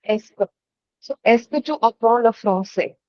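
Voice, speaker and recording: High-voiced woman student over dull, dry call audio. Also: moderate pace, no room sound. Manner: brief replies, repeats phrases after the teacher.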